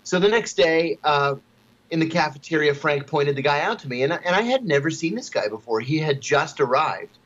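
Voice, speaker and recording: Calm storytelling man, dull sound. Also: fairly high pitch, moderate pace. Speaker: guest. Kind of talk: storytelling in a podcast interview.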